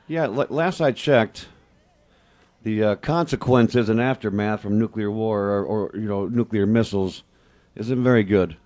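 A man's voice: fairly low pitch, a little slow, darkish tone. A man co-hosting a casual political chat, laid-back and agreeable, mostly giving short replies. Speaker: co-host.

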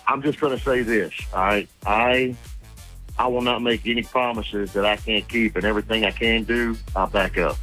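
A man calling in to a radio show, speaking earnestly with halting restarts. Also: lowish voice, steady tone, bright, forceful tone, faint music behind, poor audio. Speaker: caller.

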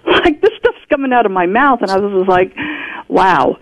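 On a muffled radio broadcast, a guest with lively intonation and a medium pitch recounts something personal at a moderate pace, casually conversing and mimicking others' speech.

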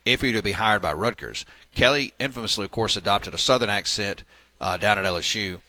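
A man's voice: on the low side, fairly quick, bright, forceful tone, low-quality recording. A man hosting a sports talk radio segment, reading news items with filler words and wry asides.

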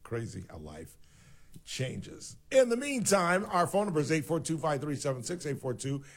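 A man's voice: on the high side, big pitch swings, normal speed. Combative talk radio host man. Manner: combative, indignant, emphatic.

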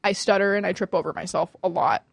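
A woman of twenty hosting a student radio show in casual chat, talking fast and nervously with many fillers and restarts. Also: lowish voice, fairly even intonation, vocal fry, dry recording. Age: 20s.

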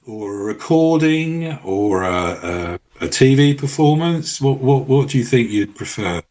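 A man appearing as a guest on a radio show, explaining things in a careful, measured, sometimes halting way. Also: medium pitch, animated, a little mellow. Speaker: studio guest. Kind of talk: radio interview.

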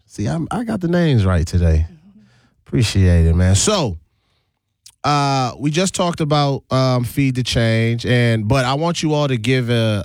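A man hosting a radio call-in show with energetic, sing-song greetings, slowing down to stress names and numbers. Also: mid-range voice, no room sound, clean studio sound, soft background music. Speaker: radio talk show host. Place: radio studio. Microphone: studio microphone.

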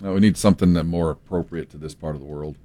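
A man's voice: low voice, steady tone, fast, warm tone. A man from San Antonio co-hosting a radio show, trading dry wisecracks and telling anecdotes. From San Antonio, Texas. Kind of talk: casual radio banter and storytelling.

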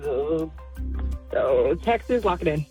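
Nervous lady caller on the radio, lots of ums, music clear behind. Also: low voice, expressive, slow. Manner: hesitant, full of ums.

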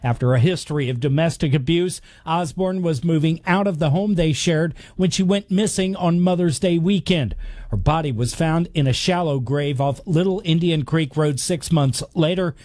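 A man's voice: a little high, a little mellow, no echo. Formal male radio news reporter. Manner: measured, formal.

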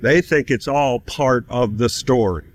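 A man's voice: medium pitch, unhurried. A man in his fifties telling a personal story in a casual, chatty way, full of fillers. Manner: chatty, many "you know" fillers, laughs between phrases. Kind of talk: casual spoken testimony.

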